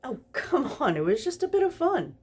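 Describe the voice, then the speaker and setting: A woman's voice: high voice, huge pitch swings, normal speed, darkish tone, pitched above the performer's own voice. A tipsy woman voicing a sly, teasing male demon in a story reading, amiable and mocking. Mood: laughing mockery.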